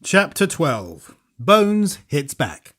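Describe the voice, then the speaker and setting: A male audiobook narrator with a slightly high voice, reading a thriller in a measured, steady way. The delivery is even and unhurried, the plain voice of a storyteller. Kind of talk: scripted narration.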